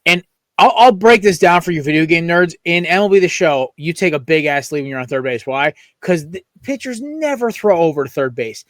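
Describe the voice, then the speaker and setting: Young male co-host, heated opinionated rants, slightly high voice, dry close sound. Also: animated, a little fast, a bit bright, dry recording. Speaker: podcast co-host. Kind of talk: casual sports podcast chat.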